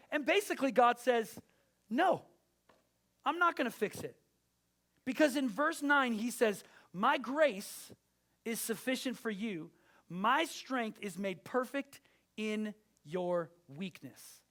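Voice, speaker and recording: A man's voice: sits high, fairly bright tone. A man preaching a sermon as pastor, exhorting his listeners directly and with emphasis.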